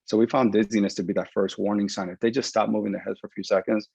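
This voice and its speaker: A man working as a concussion rehab clinician, giving an animated explanatory webinar talk over a video call. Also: fairly low pitch, fast talker, vocal fry, slightly rough, no room sound. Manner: animated, explanatory, acts out patient quotes. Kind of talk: webinar presentation. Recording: dull lo-fi dry webinar audio.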